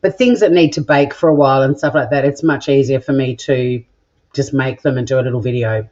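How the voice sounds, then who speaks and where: Low-voiced chatty woman vlogger. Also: steady tone, a little fast, darkish tone, highs cut off. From Australia. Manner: chatty and rambling, self-deprecating. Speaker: cooking vlogger. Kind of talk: casual cooking vlog chat. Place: home kitchen.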